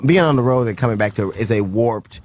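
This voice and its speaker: A man's voice: medium pitch, animated, brisk, darkish tone. A man hosting a radio talk show, chatting and joking casually with lots of swearing.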